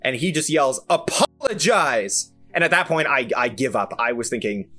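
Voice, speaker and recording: A young man hosting a podcast, telling a story in an animated, self-amused way with lots of fillers and restarts. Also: medium pitch, brisk, soft background music. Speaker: podcast host. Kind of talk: casual solo storytelling.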